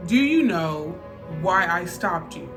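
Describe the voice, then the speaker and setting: A woman putting on the voice of a calm, polite male police officer in a story. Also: on the low side, takes it slowly, over music. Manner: polite and even.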